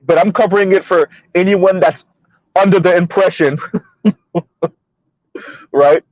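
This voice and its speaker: Chatty man with a higher voice. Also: a little slow, a little mellow, dry recording, highs cut off. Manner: chatty, laughs often, keeps asking "right?". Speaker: commentary channel host. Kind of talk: casual commentary while driving. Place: inside a car on the road.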